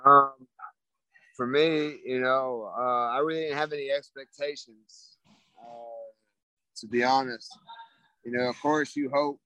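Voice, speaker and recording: A man's voice: mid-range voice, steady tone, a little slow, long pauses, pushed and bright, no echo, poor audio. A laid-back young man telling a story in a casual interview, rambling with lots of fillers. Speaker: guest, former football player.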